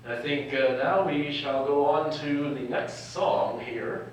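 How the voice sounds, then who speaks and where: A man's voice: a little high, steady tone, unhurried, a little hiss or hum. A young man from California, a doctor speaking to medical students at a live event, joking and chuckling often, recorded from far off in a lecture hall. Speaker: physician and medical educator.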